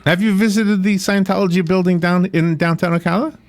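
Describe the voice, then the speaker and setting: Radio host guy, kinda high voice, chatty and jokey, lots of wows. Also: steady tone, fairly quick. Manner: chatty, playful, exclaims often. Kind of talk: casual radio interview.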